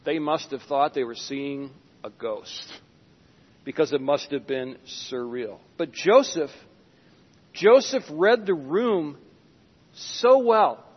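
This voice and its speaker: Man, pastor, sermon, high voice, dramatic hushed drops, long church reverb. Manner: dramatic, with sudden hushed drops and acted-out quotes. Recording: dull sound with long hall reverb.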